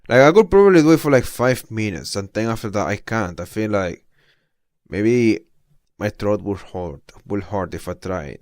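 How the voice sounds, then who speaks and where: Brief: casual male streamer, low and laid-back, dry. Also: expressive, moderate pace, a little mellow, no echo. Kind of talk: casual reaction commentary.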